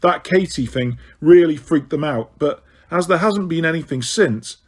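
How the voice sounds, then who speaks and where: A man's voice: fairly high pitch, moderate pace, husky. Parvati: a man doing a gossipy teen witch girl. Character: teenage wizard girl, gossipy and chatty.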